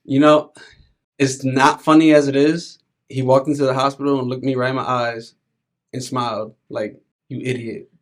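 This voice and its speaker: A man's voice: medium pitch, little pitch movement, moderate pace. A man in his thirties, a podcast guest speaking candidly and reflectively in casual conversation, with frequent filler words.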